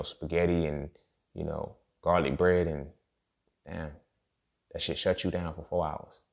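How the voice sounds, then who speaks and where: A man's voice: deep voice, gravelly, a little mellow. A man hosting a podcast, talking in a blunt, profane, rambling monologue and often repeating words. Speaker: podcast host. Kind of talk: casual monologue.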